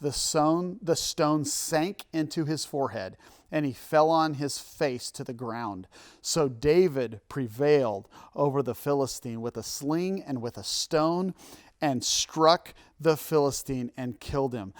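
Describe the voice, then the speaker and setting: Man pastor, sermon, emphatic scripture reading, joking asides, slightly high voice. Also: a little slow. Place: church, filmed for a livestream.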